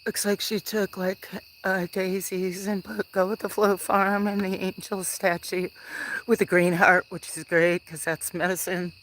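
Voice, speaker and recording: A woman hosting a casual livestream from her farm, soft-spoken and touched, chatting with viewers. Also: mid-range voice, level tone, measured pace, a little hiss or hum, low-quality recording. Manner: soft-spoken and emotional, thanking viewers warmly. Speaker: livestream host. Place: outdoors on a small farm.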